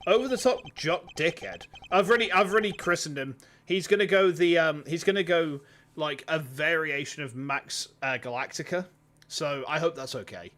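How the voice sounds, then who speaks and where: A man's voice: fairly high pitch, normal speed, fairly bright tone, a little hiss or hum. A man with a Yorkshire accent giving playful, rambling commentary as a VTuber while playing a game. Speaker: VTuber streamer. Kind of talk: casual gameplay commentary. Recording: faint music under voice.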